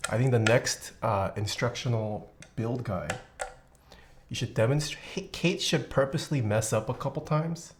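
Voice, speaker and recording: A woman streamer chatting casually while building a keyboard, exclamatory and quick to laugh. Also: extremely low pitch, a little hiss or hum. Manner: animated, exclamatory, laughs often. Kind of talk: casual live-stream chat.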